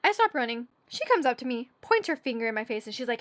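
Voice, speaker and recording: Woman, young adult, podcast host, casual monologue, animated, fairly high voice. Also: quick pace, hardly any pauses. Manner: chatty and animated, acts out quotes in a squeaky voice.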